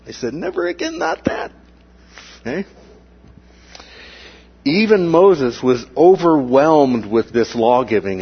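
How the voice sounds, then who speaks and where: A man teaching a lively Bible lesson, animated, often checking in with his listeners by asking "okay?". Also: mid-range voice, slightly rough. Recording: dull lo-fi recording.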